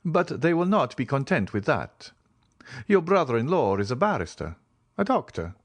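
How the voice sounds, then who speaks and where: A man voicing a reserved nobleman with a sweet, gentle tone. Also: medium pitch, very animated, moderate pace, dry recording, pitched above the performer's own voice.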